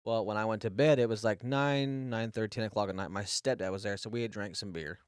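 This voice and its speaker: A man's voice: lowish voice, fast talker, smooth, no echo. Man, 30s, podcast co-host, casual rambling storytelling, swears a lot, restarts sentences, dry close sound.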